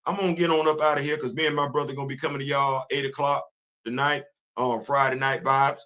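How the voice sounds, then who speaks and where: A man's voice: fairly high pitch, fairly bright tone. A man hosting a casual livestream, talking emphatically and repeating himself as he drives his points home. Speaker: host.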